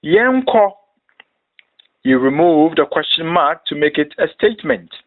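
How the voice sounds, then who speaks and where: A man with a slightly high voice narrates a beginner language lesson at a very slow, careful pace. He reads each phrase, then repeats it for pronunciation. The sound is thin and tinny, like a phone line. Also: lively intonation. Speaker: language teacher.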